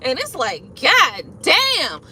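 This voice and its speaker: A woman chatting casually and venting in a car, profane and animated, with frequent laughs. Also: sits high, takes it slowly, a little hiss or hum. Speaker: tarot reader vlogger. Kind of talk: casual venting chat while driving.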